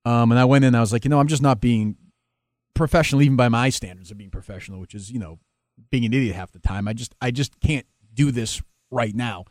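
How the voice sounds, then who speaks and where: Halting, emotional radio host man. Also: mid-range voice, a little mellow, no room sound, studio quality. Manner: halting, many restarts, emotional and self-critical. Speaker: sports talk radio host, interview guest. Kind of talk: candid interview conversation.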